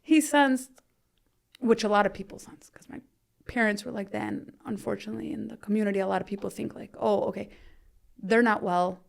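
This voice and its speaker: Speaking fast with vocal fry, a woman in her thirties tells her personal story as a podcast guest, saying "you know" frequently. Her medium-pitched voice has fairly even intonation, and she often fades softly to a near-whisper at the ends of sentences.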